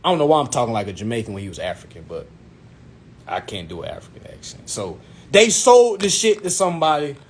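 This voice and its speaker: A young man telling a personal story to his viewers in an animated, profane way, repeatedly asking if they follow him. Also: mid-range voice, fast, slight background noise. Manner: animated, profane, addresses viewers as "y'all", keeps asking "you know what I'm saying".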